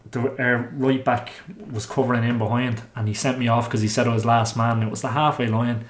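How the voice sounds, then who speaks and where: An Irish man who is a former footballer, telling lively anecdotes in a casual chat, laughing and swearing. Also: mid-range voice, brisk, a little hiss or hum. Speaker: former footballer, podcast guest. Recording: roomy echo.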